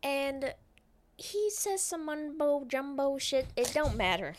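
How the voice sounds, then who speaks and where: Slangy woman recapping a movie, higher voice. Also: big pitch swings, takes it slowly. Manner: slangy, profane plot retelling; rambling, self-correcting. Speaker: podcast co-host recapping a film. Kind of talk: casual chat.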